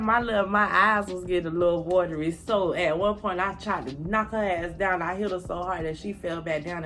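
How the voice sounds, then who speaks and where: Animated cussing woman telling a storytime. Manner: animated, cussing, talks straight to viewers as y'all; acts out quotes in high loud bursts. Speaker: storytelling vlogger. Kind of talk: casual storytime monologue.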